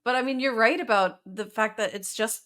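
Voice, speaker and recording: A woman's voice: a little high, a little fast, a bit bright. A woman co-hosting a podcast in casual chat, easygoing, laughing often and chiming in with short agreements. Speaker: podcast co-host. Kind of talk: casual chat recapping a TV series.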